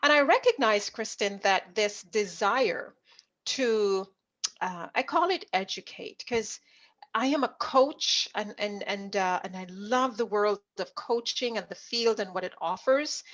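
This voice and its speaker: Middle-aged woman from Jamaica, lively storyteller guest, mid-pitched, dull lo-fi call audio. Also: a little slow. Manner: animated storyteller, acts out remembered dialogue. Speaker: leadership coach, guest. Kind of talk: conversational storytelling interview.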